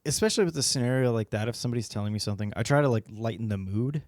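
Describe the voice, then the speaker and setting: A man's voice: mid-range voice, expressive, racing, darkish tone, dry recording, clean studio sound. A man co-hosting a podcast, casual rambling chat, laughing often and swearing freely. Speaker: podcast co-host.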